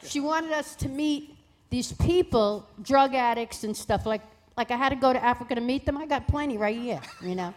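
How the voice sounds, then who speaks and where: A woman guest telling a personal testimony in a lively way, acting out the voices of people in her story. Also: a little high, moderate pace, few pauses. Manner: lively, acts out voices in quoted dialogue.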